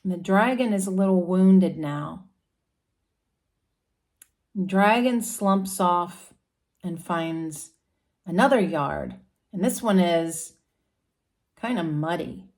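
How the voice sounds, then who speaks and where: A woman's voice: lowish voice, slow, long pauses, a little mellow. A woman explaining astrology casually, as a story about animal characters.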